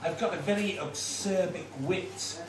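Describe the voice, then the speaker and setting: A deadpan male comic who brags about his controversial jokes, as a man puts him on. He sounds flat and dry. The sound is distant, with an echoey room and noise behind. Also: sits high, a little slow, pitched above the performer's own voice. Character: male comic boasting of edgy humour. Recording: echoey bar heard from afar, noisy.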